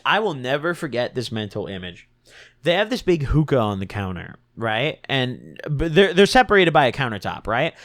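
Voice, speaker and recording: A young man telling a storytime vlog in an animated, slangy and profane manner. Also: medium pitch. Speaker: vlogger.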